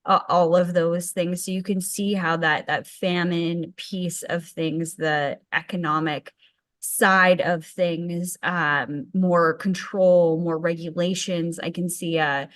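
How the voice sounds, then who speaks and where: A woman chats on a podcast, eagerly jumping in with her own examples. Her voice is a little low. It is recorded dry and close, with no room sound. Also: fairly even intonation, slow, no room sound. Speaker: podcast co-host. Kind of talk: casual podcast conversation.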